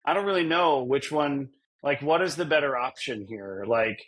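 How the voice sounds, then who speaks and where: Podcast co-host, male, husky tone, rambling and self-deprecating, casual chat. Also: medium pitch, normal speed, fairly bright tone.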